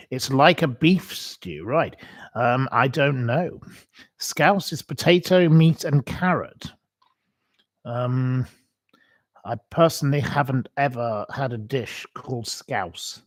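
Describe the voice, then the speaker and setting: A man's voice: medium pitch, dry recording. A man hosting a livestream, answering viewer questions in blunt, opinionated casual chat with lots of ums.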